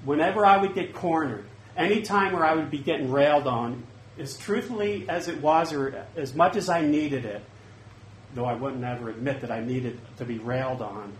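A man preaching a sermon, swinging from loud bursts to hushed asides. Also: medium pitch, normal speed, roomy sound, slight background noise, poor audio.

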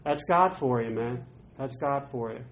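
A man teaching through Bible passages in a chatty, animated way, with quick asides. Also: mid-range voice, a little hiss or hum.

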